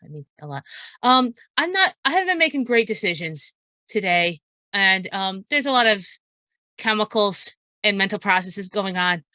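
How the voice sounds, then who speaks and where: A woman's voice: medium pitch, animated, moderate pace, sharp tone, no echo. A woman playing a tabletop role-playing game, talking hesitantly with many restarts as she voices her character. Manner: hesitant, lots of fillers and restarts, laughing easily. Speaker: player.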